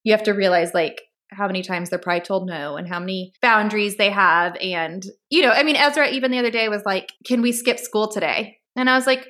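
A woman in her thirties chats on a parenting podcast with a bright, forward voice. She tells family stories in a casual, lively way and acts out her own lines and her kids' lines. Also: mid-range voice, quick pace, hardly any pauses. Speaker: podcast co-host.

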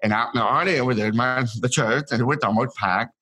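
A man of middle pitch tells stories from his childhood as an interview guest. He talks in a casual way, in halting bursts, restarting his sentences and repeating words as he goes. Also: sharp tone, slightly rough, low-quality recording. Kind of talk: casual storytelling.

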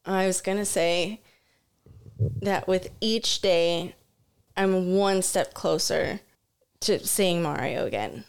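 A woman in a casual podcast chat, grieving and near tears, talking slowly and haltingly with long pauses. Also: on the low side, smooth. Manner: slow, halting, pausing often. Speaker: podcast host.

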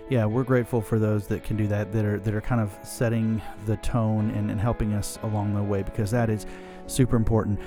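A man's voice: on the low side, level tone, over music. A man co-hosting a casual podcast as a pastor, easygoing and joking as he chats and signs off. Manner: easygoing, joking, quick sign-off patter.

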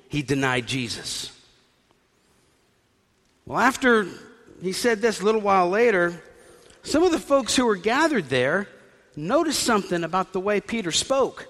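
A man's voice: sits high, normal speed, pauses often. Preacher man in a reverberant hall. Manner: animated storyteller acting out quoted voices. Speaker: pastor. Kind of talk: sermon storytelling.

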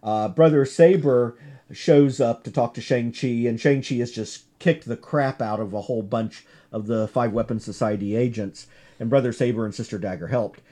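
A man's voice: medium pitch, normal speed, warm tone. A man giving a chatty class lecture on comics, full of asides and self-corrections.

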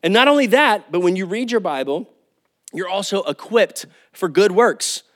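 A man preaching a sermon as pastor, telling a lively story with asides. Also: high voice, normal speed.

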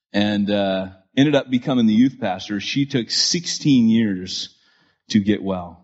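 A man in his forties tells stories from the pulpit with a husky voice. He talks in an animated way, restarting lines and throwing in asides. The recording sounds dull and lo-fi. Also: lowish voice, a little slow. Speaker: pastor. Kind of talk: storytelling sermon to a live audience.

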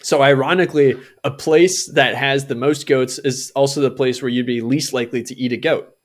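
A man's voice: mid-range voice, fairly even intonation, moderate pace. A man co-hosting a podcast, asking dry, wry questions in casual chat. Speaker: podcast co-host.

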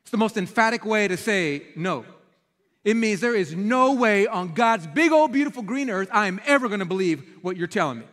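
A male pastor preaching a sermon, telling the story in an animated, emphatic way in a church sanctuary. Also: sits high, a little fast, big-room sound.

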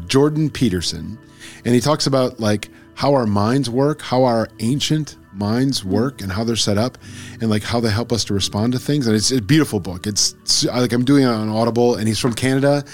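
A man's voice: medium pitch, normal speed, soft background music. A man co-hosting a podcast in casual chat, rambling and stumbling over words as he corrects himself. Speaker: podcast co-host.

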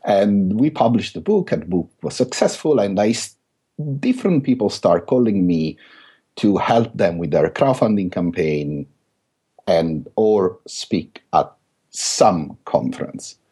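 A man's voice: low-pitched, expressive, a little slow, dark tone, husky. A middle-aged man with a thick Italian accent, a guest author talking through a podcast interview with many fillers and restarts. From Italy.

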